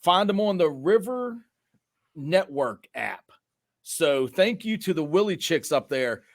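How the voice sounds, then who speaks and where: A man with a slightly higher voice co-hosts a casual sports podcast. He chats in a relaxed, jokey way and tosses in quick reactions and shout-outs. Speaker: podcast co-host. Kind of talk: casual chat.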